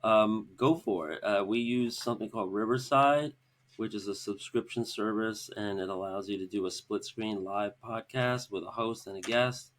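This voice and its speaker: A man's voice: fairly low pitch, moderate pace. A man talking casually as a podcast guest, hesitant and full of fillers. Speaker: podcast guest, comic artist. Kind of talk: casual chat.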